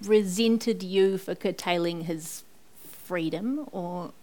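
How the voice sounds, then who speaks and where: A woman journalist interviewing an author on stage, prompting him with gentle questions. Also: fairly low pitch, slow, rough recording.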